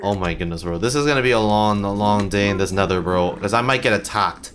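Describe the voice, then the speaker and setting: Brief: young male gamer, lowish voice, loose foul-mouthed running commentary, faint game noise under it. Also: quick pace, a bit bright. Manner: frustrated, swears a lot, yelps at hits. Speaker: gaming channel host. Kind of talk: casual gameplay commentary.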